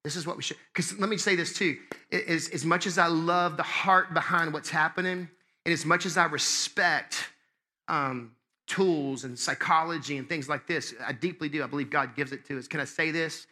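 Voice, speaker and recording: Bright, high-voiced preaching man. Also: moderate pace. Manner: impassioned, conversational, swings between loud and hushed. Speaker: pastor. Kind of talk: sermon.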